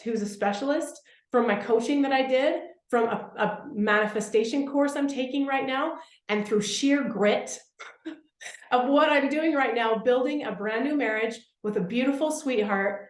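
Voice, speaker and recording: Eager, emphatic woman speaker in an echoey room. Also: on the high side. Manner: eager, emphatic, repeats phrases for effect. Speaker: workshop speaker. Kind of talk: live workshop talk to a group.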